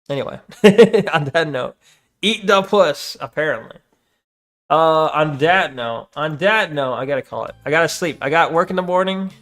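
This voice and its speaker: Rambling young man streamer, higher voice. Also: pushed and bright. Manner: rambling, profane, joking with chat. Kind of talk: casual late-night stream chat.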